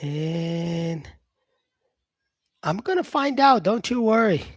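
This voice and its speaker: Slow-talking man with an Australian-tinged accent. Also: sits high, animated, no room sound. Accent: Australian-influenced English. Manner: chatty, unhurried, lots of "yeah" and "um" fillers, calls people "mate". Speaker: English teacher. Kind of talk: live-stream lesson, answering viewer comments.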